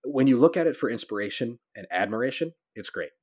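A man hosting a casual podcast chat about tabletop games, talking in an animated, emphatic way and swearing now and then. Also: mid-range voice, fast talker, breathy edge, no echo, studio quality. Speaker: podcast host.

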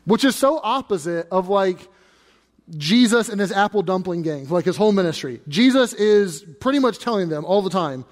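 Pastor guy preaching, high voice, chatty and punchy, lots of echo from the hall. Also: expressive, normal speed. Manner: conversational, emphatic preaching with repetitions. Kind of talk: sermon.

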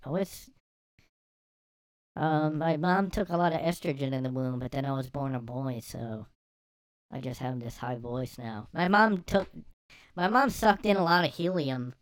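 A guy with a silly high voice whines defensively about how he talks, as a man puts it on. It is pitched well above a normal man's voice, and it sounds dry and close. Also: clear, resonant tone, no echo, natural voice.

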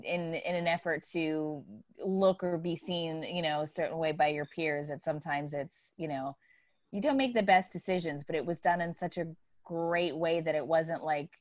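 A woman guest chatting on a podcast, halting with many "you know"s. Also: sits low, no echo, studio quality. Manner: halting, many fillers and restarts. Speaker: guest actress. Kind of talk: casual podcast conversation.

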